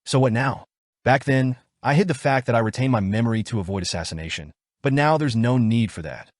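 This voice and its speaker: A man narrating a story recap in the first person, with a brisk, wry storytelling manner. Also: mid-range voice, lively intonation, no echo, studio quality.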